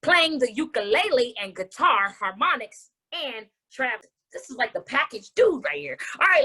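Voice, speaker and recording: A woman emceeing a live online talent show, playful and loud, with dramatic outbursts. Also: high-pitched, sing-song, normal speed, few pauses, husky. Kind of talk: energetic live event hosting.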